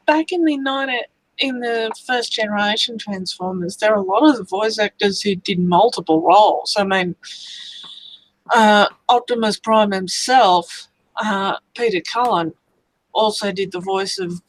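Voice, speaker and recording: A woman talks slowly and thoughtfully, with plenty of pauses, as she chats with friends on a livestream. She sounds like an enthusiastic fan. The sound is dry and close, with no room echo. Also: medium pitch. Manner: slow, enthusiastic fan talk. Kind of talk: casual chat on a livestream.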